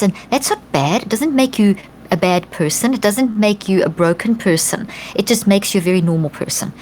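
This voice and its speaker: A middle-aged woman guest on a podcast, explaining in an earnest, animated way, often restarting and acting out quotes. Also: mid-range voice, normal speed, slight background noise. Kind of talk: conversational explanation.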